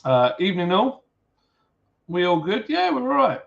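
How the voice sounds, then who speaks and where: A man's voice: sits high, very animated, moderate pace, gravelly. A man with a Yorkshire accent hosting a livestream from home, chatting casually and jokily with viewers while reading comments over a beer. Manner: chatty, jokey, lots of filler "uh"s. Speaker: livestream host. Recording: dull lo-fi stream audio.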